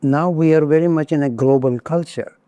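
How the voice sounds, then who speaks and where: Man lecturing, slow and deliberate, warm mellow tone, dry close sound, little wry jokes now and then. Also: on the high side, no echo. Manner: measured, deliberate delivery with wry asides. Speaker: lecturer on spiritual traditions.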